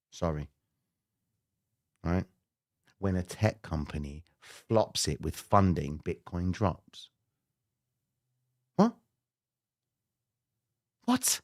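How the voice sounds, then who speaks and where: A male trading show host answering questions in a blunt, swearing rant that jumps from low muttering to loud outbursts. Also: no echo, clean studio sound. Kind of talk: live trading Q&A, animated rant.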